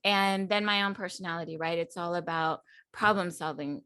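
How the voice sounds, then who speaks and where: A woman teacher and coach talking in a relaxed chat, reflective and quick to laugh. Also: lowish voice, clean tone, no echo. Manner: reflective, laughs often, leans on "I feel like" and "right?". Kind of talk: casual chat.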